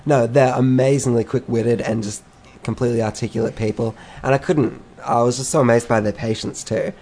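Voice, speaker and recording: A talkative man at an even, middle pitch joins a casual chat. He jokes readily and speaks with admiration. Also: fairly quick.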